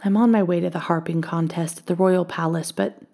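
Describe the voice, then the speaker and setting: Woman reading as kind old harper, soft-spoken. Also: lowish voice, fairly even intonation, brisk. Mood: earnest. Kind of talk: storybook reading.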